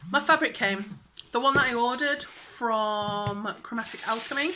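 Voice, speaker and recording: A woman's voice: on the high side, measured pace, slight background noise. A young woman chatting casually in a craft vlog, giggly and rambling, sometimes dropping into a whisper. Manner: chatty, giggly, drops into whispers when excited. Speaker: cross-stitch vlogger.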